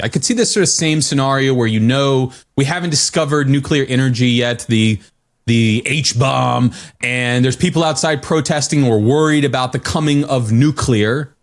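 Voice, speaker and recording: Musing male podcast co-host. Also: mid-range voice. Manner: musing, restarts sentences, poses questions. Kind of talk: casual discussion.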